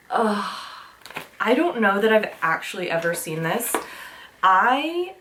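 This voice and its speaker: Gushing woman unboxing, slow-talking. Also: mid-range voice, very animated, noisy background. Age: 30s. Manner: gushing, gasping with delight, filler-heavy. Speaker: vlogger. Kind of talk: excited unboxing chat.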